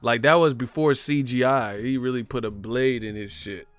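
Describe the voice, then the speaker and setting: A man hosting a casual live stream, rambling and swearing, laughing often and acting out movie lines in loud, high voices. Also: normal speed, no room sound.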